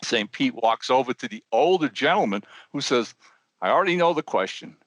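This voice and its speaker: An older man co-hosting a podcast, telling a long joke with animated voices for the characters. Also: mid-range voice, a little fast, no room sound. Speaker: podcast co-host. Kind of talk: telling a joke, casual chat.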